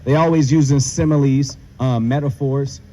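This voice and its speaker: A man teaching the Bible in a street style, animated and slangy, asking rhetorical questions. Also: mid-range voice, moderate pace, a little hiss or hum.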